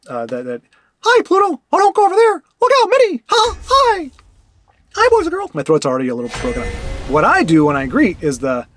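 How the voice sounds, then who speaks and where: A man giving casual gameplay commentary, chatty and thinking aloud as he plays. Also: a little high. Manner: chatty, thinks aloud, frequent restarts and fillers. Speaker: streamer and card game player.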